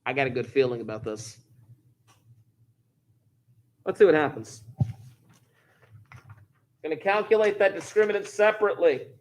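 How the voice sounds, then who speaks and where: A middle-aged male math teacher recording a lesson, talking students through each step in a playful, animated way. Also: fairly high pitch, normal speed, pauses often.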